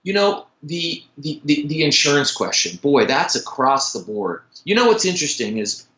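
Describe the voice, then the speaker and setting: An animated man talking as a guest dentist in a podcast interview, his pitch swinging widely and his voice bright and forceful. He tells stories quickly and often restarts sentences. The sound is roomy and echoey. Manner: animated, fast-talking storyteller with frequent restarts. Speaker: dentist and implant educator.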